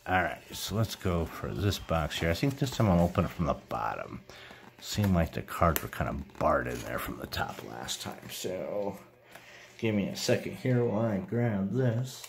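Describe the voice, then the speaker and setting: A man's voice: deep voice, animated, normal speed, creaky. A middle-aged man casually chatting while opening baseball card packs, reading out player names and tripping over a few. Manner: reads player names one after another, trips over names and corrects himself. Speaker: card collecting YouTuber.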